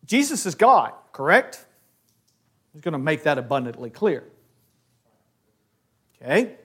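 A man leads a Bible class in a lively, questioning way. His voice sits high for a man and swings widely in pitch. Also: unhurried, husky. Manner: animated, asks the class questions.

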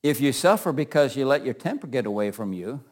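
A man's voice: medium pitch, big pitch swings, a little fast. A middle-aged man teaching an informal Bible class, talking in a loose, joking way and often repeating words.

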